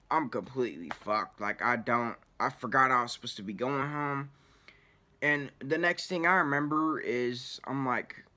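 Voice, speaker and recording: A man's voice: medium pitch, sharp tone. A man telling a story casually, in rambling, profanity-heavy slang. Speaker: vlogger.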